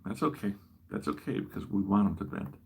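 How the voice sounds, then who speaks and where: A man's voice: on the low side, expressive, a little fast, creaky, darkish tone, breathy edge. A man hosting a livestream, chatting casually while he builds a model, rambling and poking fun at himself. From American Midwest. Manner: rambling, self-deprecating. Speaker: livestream host.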